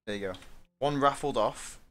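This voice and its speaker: A man chats away on his game stream, greeting viewers one after another and laughing easily. His voice sits at an ordinary middle pitch, and soft music plays in the background. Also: normal speed. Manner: chatty, greets viewers by name, laughs often. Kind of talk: casual live-stream chat.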